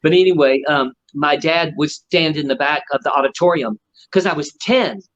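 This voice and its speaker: Guy ventriloquist spinning animated stories in an interview, kinda high voice, dull lo-fi sound. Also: normal speed. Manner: animated storyteller acting out quotes. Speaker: ventriloquist guest. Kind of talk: storytelling in a casual interview. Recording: dull lo-fi audio.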